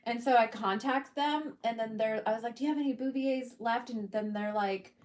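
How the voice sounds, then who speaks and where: A woman's voice: a little high, normal speed. A young woman co-hosting a casual livestream, telling stories and acting out what other people said. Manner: storytelling, animated, quoting others. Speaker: livestream co-host. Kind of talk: casual chat.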